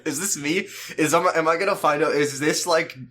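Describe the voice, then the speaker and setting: A man's voice: fairly high pitch, bright, forceful tone. A man co-hosting a podcast, chatting casually about a TV episode with rambling, self-mocking jokes. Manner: jokey, rambling, quick self-mocking asides. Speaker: podcast co-host. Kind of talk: casual chat recapping a TV episode.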